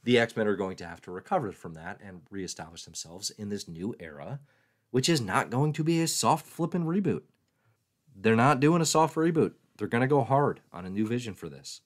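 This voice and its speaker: A man's voice: lowish voice, lively intonation, normal speed. A man hosting a casual livestream, joking and mocking himself as he answers viewer questions aloud. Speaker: comics livestream host.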